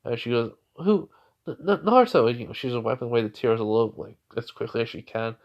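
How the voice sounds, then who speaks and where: A man's voice: mid-range voice, completely flat delivery, fast talker. A man narrating an improvised fan story in a rambling way, full of fillers and restarts. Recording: dull lo-fi recording.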